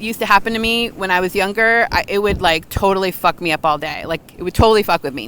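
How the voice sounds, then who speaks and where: A woman's voice: mid-range voice, a bit bright, a little hiss or hum, rough recording. Chatty woman vlogging by the water. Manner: chatty, loose, with filler words and restarts. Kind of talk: casual storytelling monologue. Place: outdoors by the water.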